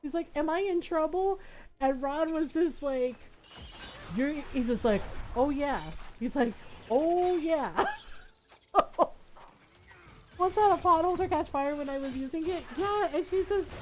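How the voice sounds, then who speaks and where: A woman's voice: high voice, a little slow, a little hiss or hum. A middle-aged woman streamer telling a family story in casual chat, laughing often and acting out what people said. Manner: animated, laughs often, acts out quoted voices.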